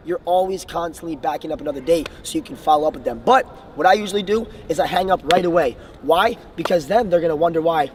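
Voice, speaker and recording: A man's voice: fairly high pitch, quick pace, hardly any pauses. Young male motivational coach, earnest, faint traffic behind, distant outdoor recording. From Bahamas. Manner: earnest, enthusiastic, addresses viewers as guys. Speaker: sales trainer. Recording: distant mic, faint street noise.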